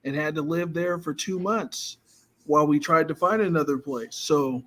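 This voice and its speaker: A man's voice: on the high side, normal speed, a bit bright. A man on a fan podcast, sharing his own experience in casual, direct chat. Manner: relating his own story, plain and direct. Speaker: podcast co-host.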